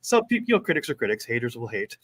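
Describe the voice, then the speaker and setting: A man co-hosting a casual chat, retelling a story with lively acted-out quotes. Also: medium pitch, fast talker, husky. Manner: animated retelling, acts out quotes. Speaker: podcast co-host.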